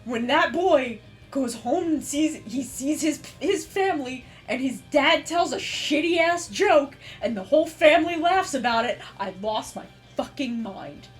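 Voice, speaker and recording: A woman streamer in casual chat, animated and swearing freely with many fillers. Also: high-pitched, a little slow, hardly any pauses, faint music behind.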